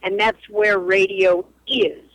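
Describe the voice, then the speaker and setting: Animated older woman on a tinny phone line. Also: mid-range voice, slow pace. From Boston area, US. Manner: animated, emphatic storyteller. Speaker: radio historian and author, guest. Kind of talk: phone interview on a radio show.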